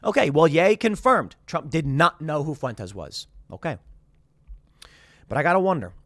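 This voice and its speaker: A man's voice: a little high, normal speed, no echo, studio quality. A man in his thirties hosting a show, talking casually and rambling through restarts as he recounts a guest's exit. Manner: rambling, restarts, quotes others in animated asides. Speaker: show host. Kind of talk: casual commentary to camera.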